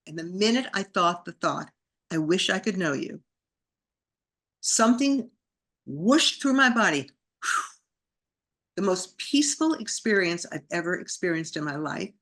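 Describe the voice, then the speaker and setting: A woman's voice: fairly low pitch, animated, moderate pace, fairly bright tone. A woman, a podcast guest, telling a personal story vividly, acting out her inner thoughts in an emotional way.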